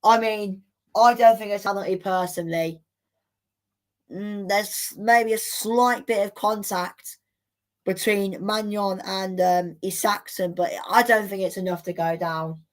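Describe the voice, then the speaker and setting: A woman hosting a live football watchalong, commenting in an excitable, exclamatory way with indignant rants. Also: mid-range voice, unhurried. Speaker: watchalong host.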